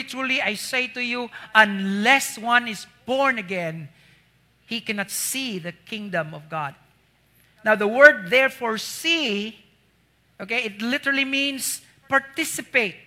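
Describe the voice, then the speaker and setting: Filipino man, sermon, very high-pitched, sharp bright tone, teaching style, repeats key words. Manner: rises sharply in pitch and loudness on emphatic points. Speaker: pastor.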